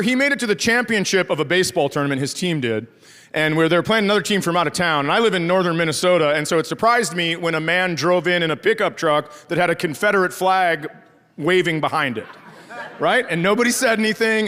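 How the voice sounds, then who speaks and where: A man's voice: sits high, in a large hall. A man doing stand-up storytelling, acting out the people in his story and swearing freely. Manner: animated, acts out dialogue in different voices, profane. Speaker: stand-up comedian. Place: comedy stage before a live audience. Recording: live show with audience laughter.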